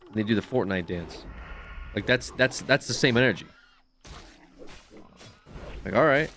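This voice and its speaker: A male streamer chatting casually while gaming, animated and laughing, sometimes trailing off into quiet asides. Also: on the low side, moderate pace, pauses often.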